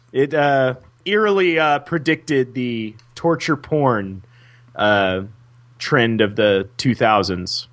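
A man's voice: mid-range voice, expressive, extremely slow, a bit bright. A man co-hosting a comedy podcast in casual chat, joking and laughing as he teases. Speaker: podcast co-host.

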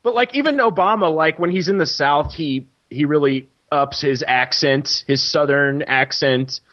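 A man co-hosting a casual political chat, animated and mocking, often mimicking politicians. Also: on the high side, a little slow, lo-fi sound.

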